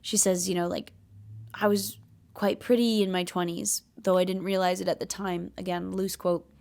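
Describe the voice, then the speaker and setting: A woman's voice: fairly low pitch, little pitch movement, moderate pace, creaky, a little mellow. A woman in her late twenties hosting a podcast, talking earnestly in a rambling, casual confessional way, full of fillers. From Canada. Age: late 20s. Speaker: podcast host.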